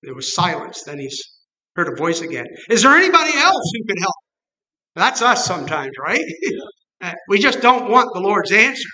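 A middle-aged man preaching a sermon in an animated way, acting out the people he quotes and chuckling often. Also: high voice, low-quality recording.

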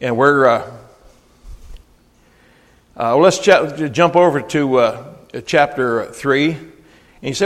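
A male preacher giving a folksy, emphatic sermon, often rising to near-shouting when he quotes scripture. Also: mid-range voice, takes it slowly, pauses often. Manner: folksy, with frequent restarts and asides. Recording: long hall reverb.

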